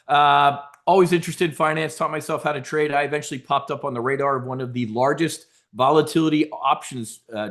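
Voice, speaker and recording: A man's voice: mid-range voice, fairly bright tone. Brash, direct man on stage. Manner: brash, direct, joking with the audience. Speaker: conference speaker. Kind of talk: energetic trading seminar talk.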